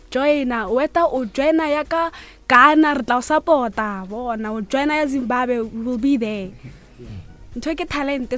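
A woman with a slightly high voice offers encouragement in a short interview, moving easily between two languages. Faint music plays behind her. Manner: code-switching, encouraging, relaxed.

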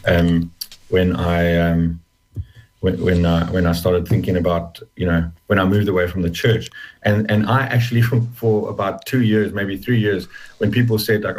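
A man speaking as an interview guest, telling a personal story in fast halting bursts with many repeated words. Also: low-pitched, darkish tone, poor audio. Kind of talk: emotional personal testimony.

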